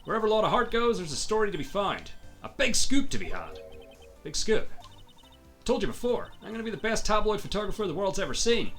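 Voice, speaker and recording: A man voicing a loud, brash female photographer from the American South, in a folksy drawl with a put-on Southern accent, reading video game lines. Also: high-pitched, sing-song, a little fast, soft background music, pitched above the performer's own voice, exaggerated voice.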